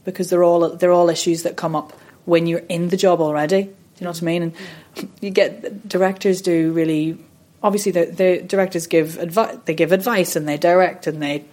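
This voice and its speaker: A woman in her thirties who works as a voice and accent coach speaks in a slightly low register, chatty and self-deprecating. She rambles and restarts her sentences as she talks through her ideas in a relaxed podcast interview. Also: brisk. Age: 30s.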